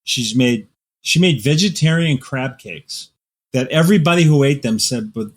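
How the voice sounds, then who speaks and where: A man, a guest author, chatting casually in an interview, telling animated, vivid stories with playful exaggeration. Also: mid-range voice, moderate pace.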